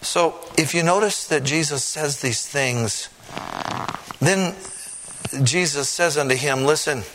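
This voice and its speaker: A male preacher delivering a sermon, dramatic and swinging between hushed and loud passages. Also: on the high side, takes it slowly, slight background noise.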